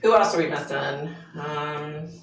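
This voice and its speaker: A woman from the United States hosts a relaxed livestream, chatting with viewers and greeting them by name. Her voice sits a little low, and she talks with plenty of fillers. The room around her gives the sound a noticeable echo. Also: measured pace, a little hiss or hum. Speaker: livestream host. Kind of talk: casual livestream chat with viewers.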